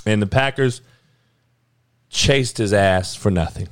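A man's voice: lowish voice, slow, dry recording, studio quality. A man hosting a podcast, delivering a blunt, profane sports rant in casual talk. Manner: profane, blunt, animated rant with frequent cursing. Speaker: podcast host.

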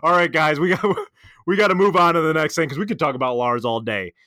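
An emcee-style male co-host of a comedy podcast, hyping up the crowd in a bright, fairly high voice. His sound is dry and close. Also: quick pace, dry recording. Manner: hype-man, emcee-like. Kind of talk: comedic banter.

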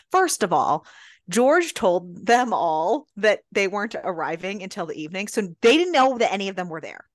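A woman's voice: mid-range voice, expressive, moderate pace, no echo, clean studio sound. A woman co-hosting a casual book-club podcast, animatedly retelling scenes and acting out the characters' lines. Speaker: podcast co-host.

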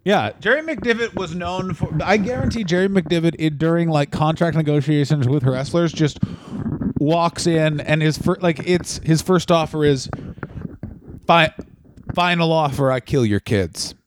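Animated, crude man riffing on a podcast. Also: a little high, normal speed, a little hiss or hum. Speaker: podcast co-host. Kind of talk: casual comedic chat.

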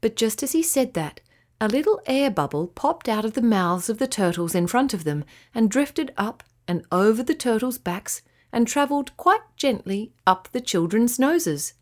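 A woman narrating a children's bedtime story in a gentle, expressive way. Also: fairly high pitch, moderate pace.

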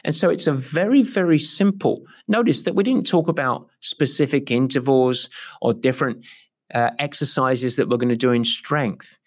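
A man's voice: mid-range voice, moderate pace. A middle-aged man, an endurance coach, explaining a training approach with emphatic, repetitive enthusiasm. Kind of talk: podcast-style coaching explanation.

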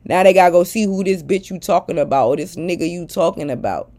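A woman's voice: fairly low pitch, quick pace, dark tone. A middle-aged woman ranting bluntly and profanely at her followers in a casual vlog. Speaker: social media personality.

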